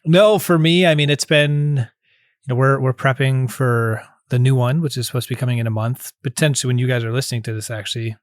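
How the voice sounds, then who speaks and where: Male podcast host, mid-pitched voice, relaxed and chatty, dry close recording. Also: a little fast, dry recording. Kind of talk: casual podcast chat.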